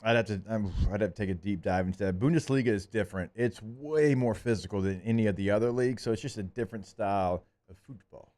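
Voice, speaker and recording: A man's voice: on the low side, fast, few pauses, mellow. A man co-hosting a sports talk radio show, answering in a laid-back, brief way. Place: radio studio.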